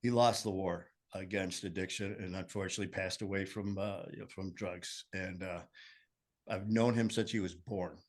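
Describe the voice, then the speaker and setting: A man with a Michigan accent telling his recovery story in casual conversation, earnest and meandering with many fillers. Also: fairly low pitch.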